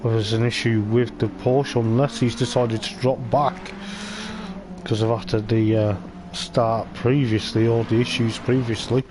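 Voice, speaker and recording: An unhurried man with a medium-pitched voice that barely rises or falls chats his way loosely through live commentary on an online racing league event. Game engine sounds from the race cars are plainly audible behind him.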